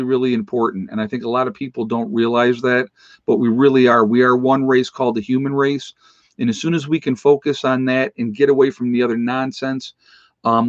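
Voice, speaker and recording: A man hosting a casual livestream, reading out where his viewers are from in a halting list with many fillers and thanking his supporters. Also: medium pitch, dry recording. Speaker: livestream host. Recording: dry, slightly dull home stream audio.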